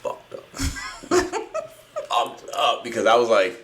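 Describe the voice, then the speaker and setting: A man's voice: mid-range voice, huge pitch swings, slow pace, fairly bright tone, slight background noise. A man in his thirties from New Jersey, co-hosting a podcast and telling a story casually, laughing often and swearing freely. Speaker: podcast co-host.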